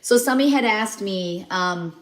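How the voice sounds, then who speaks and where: A woman's voice: medium pitch, moderate pace. A middle-aged woman hosting a casual cooking livestream from her home kitchen, chatting in a rambling way with many restarts while doing the dishes. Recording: kitchen noise of dishes and water. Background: running water and clattering dishes.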